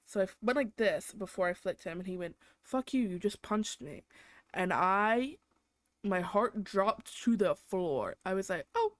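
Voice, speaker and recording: A woman's voice: medium pitch, expressive, moderate pace, no room sound. A young woman hosting a solo podcast, venting in an exaggerated, profane way about everyday annoyances. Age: young adult. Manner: exaggerated, swears constantly, vents about her boyfriend. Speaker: podcast host.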